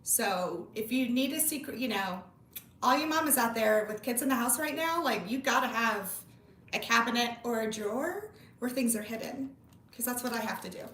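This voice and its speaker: A woman's voice: fairly high pitch, expressive, moderate pace, a bit bright, far from the mic. A woman in her thirties hosting a casual livestream, bubbly and gushing as she chats with viewers. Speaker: livestream host. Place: home room. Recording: echoey room, away from the mic.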